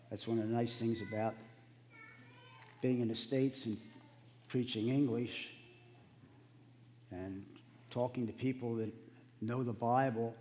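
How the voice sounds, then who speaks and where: A man giving a sermon in a relaxed, conversational storytelling manner. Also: medium pitch, big-room sound, slight background noise. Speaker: preacher.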